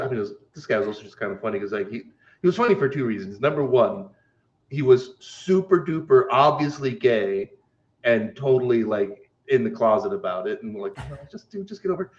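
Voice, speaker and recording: A man's voice: medium pitch, expressive, fairly quick, darkish tone. Rambling man on dull lo-fi audio. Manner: rambling, laughs through his stories, many fillers. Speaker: podcast co-host. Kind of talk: casual chat, storytelling.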